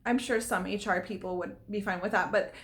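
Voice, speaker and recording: A woman's voice: mid-range voice, fairly even intonation, fairly quick. A young woman and actress talking to camera in a casual vlog, earnest and a little worked up, breaking into laughs. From California. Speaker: actress and acting vlogger.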